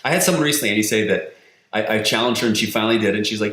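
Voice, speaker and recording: A man who works as a sales coach, talking as a podcast guest in a lively storytelling way and acting out the quotes he tells. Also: lowish voice, racing. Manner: energetic storyteller, acts out quotes. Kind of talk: conversational interview. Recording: roomy echo.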